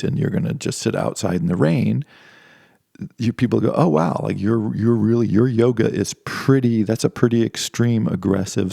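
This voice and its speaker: A man's voice: fairly low pitch, creaky, dark tone, husky, no room sound, clean studio sound. A middle-aged man giving an informal lecture, rambling with many restarts and playfully acting out imagined speakers.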